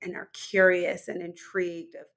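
A woman's voice: fairly low pitch, little pitch movement, normal speed, a bit bright. A woman health coach as an interview guest, talking enthusiastically and rambling with many fillers. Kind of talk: conversational interview.

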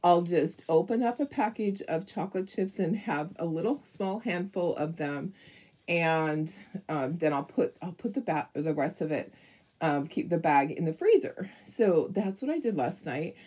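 An older woman telling a rambling story in a chatty, animated way while she paints a craft, laughing often. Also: on the low side, measured pace, slightly rough. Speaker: craft vlogger.

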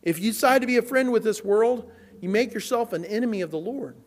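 A man preaching a sermon in a church as the pastor, animated, acting out quotes and repeating words as he goes. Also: high voice, fairly quick.

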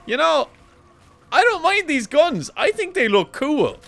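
Young let's player, rowdy and profane, bright voice, slow unhurried delivery. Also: male voice, very high voice, big pitch swings, creaky. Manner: rowdy, joking banter at the game, cursing. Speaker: gaming YouTuber. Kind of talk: let's play commentary.

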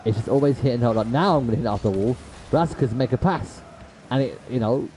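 A man streams a game and casually commentates to his chat, slangy and full of "bro," swearing and raging at plays, then apologizing. His medium-pitched, darkish voice moves fast, and the low-quality recording carries slight background noise.

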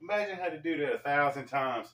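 A man hosting a casual storytelling vlog, talking in a laid-back, slangy way with pauses. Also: on the high side, expressive, fairly bright tone. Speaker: storyteller host. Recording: echoey room, mic far off.

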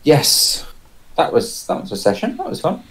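A man's voice: fairly high pitch, wildly swooping pitch, normal speed. A man playing a tabletop game, recapping the session in an easygoing, hesitant way. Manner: hesitant, many ums, easygoing. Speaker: player. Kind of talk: casual chat at a tabletop game.

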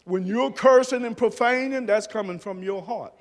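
High-voiced man preaching with big swings. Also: moderate pace, long reverb tail. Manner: swings from soft low murmurs to shouted emphasis. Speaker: pastor. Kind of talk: preaching a sermon. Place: church sanctuary.

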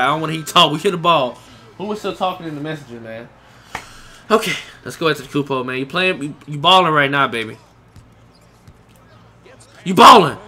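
A young man giving live commentary over his own basketball video game, reacting loudly to each play and talking to the players and his viewers. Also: on the high side. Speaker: gaming YouTuber.

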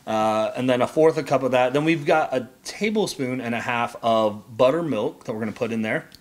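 A man's voice: medium pitch, a little fast. A man hosting a casual cooking show in a home kitchen, chatty and jokey as he gives step-by-step instructions.

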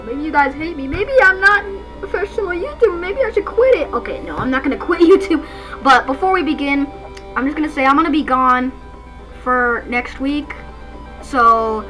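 The gaming channel's host, a woman with a voice that sits high, is recorded with poor audio in a dark room at night. She offers excitable, jokey let's-play commentary and sometimes slips into bits of song.

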